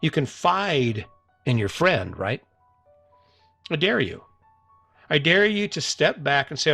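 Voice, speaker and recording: A middle-aged man hosts a motivational solo podcast, speaking earnestly and casually to his listeners, often repeating himself and restarting sentences. His voice sits on the high side with lively intonation, vocal fry and a sharp tone, and he takes it slowly with long pauses. Soft music plays in the background.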